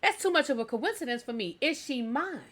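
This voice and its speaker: A man's voice: extremely high pitch, lively intonation, fairly quick, a bit bright, voice pushed up, full character voice. Woman voicing an accusing ex-lover man. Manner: accusing, insistent. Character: jealous former lover demanding answers.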